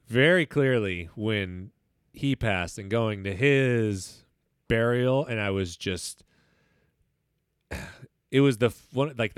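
A man's voice: lowish voice, smooth, no room sound, studio quality. A young man co-hosting a podcast, telling a personal story in loose, candid chat full of swearing and restarts. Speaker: podcast co-host.

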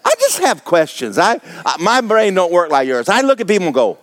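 A man, preaching a folksy, joking sermon that often jumps high in pitch for emphasis. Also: wildly swooping pitch, fairly quick. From Florida. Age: 70s. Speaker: pastor.

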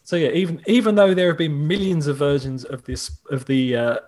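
A man's voice: a little high, fairly even intonation, brisk, a little mellow. An English man co-hosting a podcast in casual chat, rambling along with many restarts. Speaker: podcast co-host.

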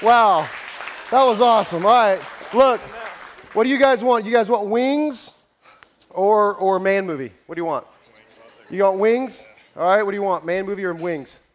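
High-voiced pastor, excitable and hoarse. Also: male voice, moderate pace, some chatter behind. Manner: energetic, joking, shouting with excitement. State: out of breath, scratchy throat. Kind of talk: lively church service hosting. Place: large church hall with congregation.

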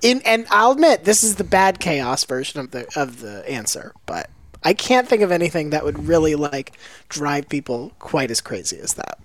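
A woman's voice: sits low, very animated, normal speed. A woman co-hosting a comedy podcast, swearing freely and laughing often as she jokes. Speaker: podcast co-host. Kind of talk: casual comedic chat.

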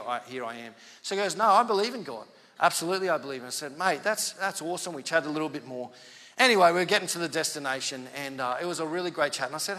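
Animated pastor in echoey hall. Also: male voice, on the high side. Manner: animated, conversational, acts out quoted dialogue. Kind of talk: storytelling sermon.

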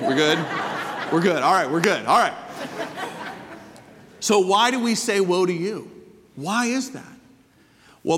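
A man preaches a sermon to his congregation in a chatty, questioning way. His voice sits high for a man. The sound rings with the long reverb of a church hall. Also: fairly bright tone. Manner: conversational, asks rhetorical questions. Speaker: pastor.

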